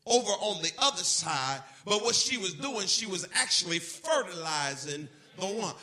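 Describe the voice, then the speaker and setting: Male pastor for a church service: high, very bright voice, folksy storytelling delivery aimed at the congregation. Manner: folksy storytelling preacher, speaks straight to the congregation. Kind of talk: sermon.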